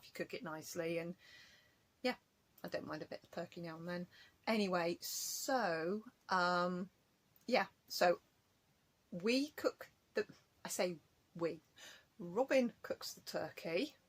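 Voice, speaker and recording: A woman, chatting casually in a rambling, self-mocking way for her craft vlog at home. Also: lowish voice. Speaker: craft vlogger. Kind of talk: casual chat.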